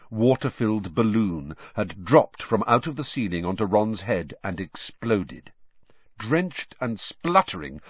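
Husky, lively male audiobook narrator. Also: on the low side, no echo. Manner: expressive, animated storytelling. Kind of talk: scripted narration. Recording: dull, dry studio sound.

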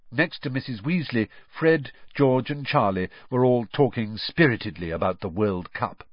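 An expressive male storybook narrator with a husky voice in a dull, muffled recording. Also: mid-range voice, normal speed, few pauses, dry recording. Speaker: audiobook narrator. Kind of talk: scripted narration.

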